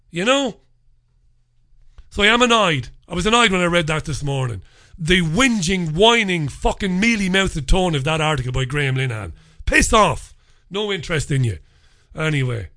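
An unwell man hosts his own show alone, launching into a fiery, foul-mouthed rant. His voice sits high for a man, with a bright, piercing edge. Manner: heated, profane, forceful ranting. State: unwell with a lingering infection. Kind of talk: solo monologue, ranting commentary.

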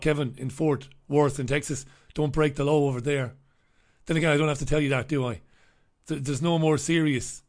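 Chatty man hosting a live stream. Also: medium pitch. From Ireland. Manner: chatty, jokey, greets viewers by name. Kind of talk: casual live-stream chat with viewers.

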